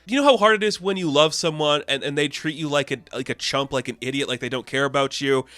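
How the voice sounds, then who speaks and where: A man casually recapping a comic issue in a rambling, excitable way, filling his talk with "like". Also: fairly high pitch, fast talker, dry recording. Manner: rambling, heavy use of "like", excitable. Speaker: comic book reviewer.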